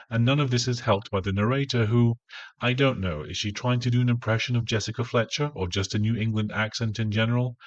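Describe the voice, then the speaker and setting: A man's voice: fairly low pitch, dry recording, muffled recording. A man reviewing an audiobook in a dry, sarcastic, scornful way. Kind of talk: spoken review.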